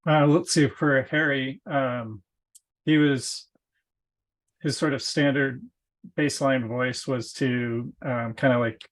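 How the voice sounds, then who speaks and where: A man's voice: mid-range voice, fairly even intonation, takes it slowly. Hesitant man on a podcast. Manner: hesitant, with many fillers. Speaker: podcast guest. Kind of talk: casual podcast discussion.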